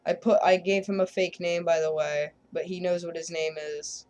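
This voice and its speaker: A woman's voice: fairly low pitch, fairly even intonation, moderate pace, a little mellow. Rambling woman narrating gameplay. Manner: rambling, joking, self-deprecating. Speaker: gameplay video creator. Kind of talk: casual gameplay commentary.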